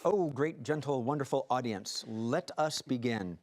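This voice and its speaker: A man's voice: medium pitch, a little slow, darkish tone. A man hosting a live improv comedy show, calling for audience suggestions in a playful, jokey way. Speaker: improv game host.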